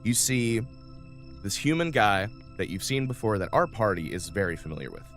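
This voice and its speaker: Man, lower voice, improvised game-master narration over soft music. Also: very animated, moderate pace. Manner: loose, improvised scene description.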